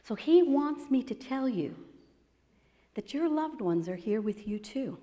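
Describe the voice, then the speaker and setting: A woman giving a storytelling talk to an audience, animated and acting out the voices of the people she quotes. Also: medium pitch. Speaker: speaker presenting her book. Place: expo presentation hall. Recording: long hall reverb.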